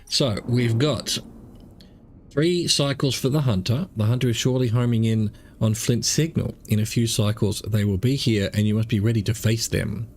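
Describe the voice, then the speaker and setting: A man's voice: medium pitch, fairly even intonation, normal speed, a little mellow, a little hiss or hum. A man streaming a game, reading its text aloud and rambling through self-mocking asides. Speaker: gaming streamer.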